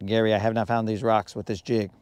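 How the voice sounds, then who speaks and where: A man hosts a live fishing stream from his boat, talking fast in a fairly low, flat, slightly mellow voice with no echo. He's laid-back and slangy, chatting casually with his viewers.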